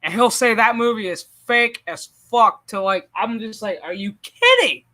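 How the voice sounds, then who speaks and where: High, bright-voiced man chatting casually. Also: normal speed. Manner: animated, profane, laughs often. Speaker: channel host. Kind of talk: casual stream chat.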